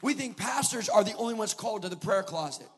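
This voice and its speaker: A man preaching a sermon as a traveling preacher, animated and building to shouts. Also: high-pitched, fast, breathy edge. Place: church hall. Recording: echoey church hall with music.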